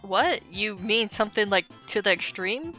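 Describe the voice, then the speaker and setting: A woman voicing a shy, anxious young female creature in a casual comic read-aloud, earnest and soft-spoken. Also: medium pitch, expressive, normal speed, faint music behind. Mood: tender. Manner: earnest, softly narrating, amused.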